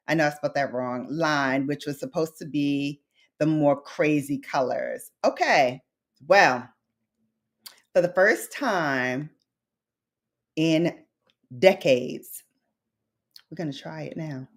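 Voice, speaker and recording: A woman's voice: low-pitched, slow, long pauses. A woman from Brooklyn, a beauty vlogger chatting casually with her viewers, heartfelt and nostalgic, calling them babes and honey. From Brooklyn, New York. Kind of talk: casual livestream chat with viewers.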